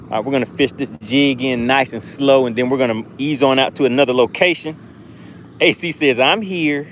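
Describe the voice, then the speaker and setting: A man hosting a live fishing stream from a boat outdoors, excitably narrating his catch and reading chat aloud. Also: medium pitch, a little fast, slight background noise. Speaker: fishing livestream host.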